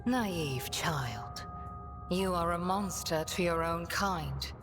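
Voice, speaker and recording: An actress voicing an aloof, disdainful alien warrior woman in a video game, cold and measured. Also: lowish voice. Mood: scornful. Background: game music.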